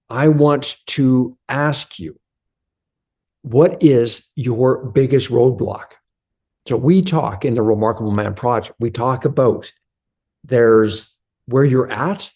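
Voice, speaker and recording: Brief: male motivational host, warm low tone, earnest and exhortative. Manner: earnest, preachy, repeats affirmations. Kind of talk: motivational video talk.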